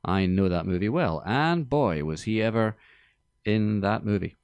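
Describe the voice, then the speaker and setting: Male podcast host, low gravelly voice, dry deadpan delivery, dead studio sound. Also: measured pace, no echo, dull audio. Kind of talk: casual podcast chat.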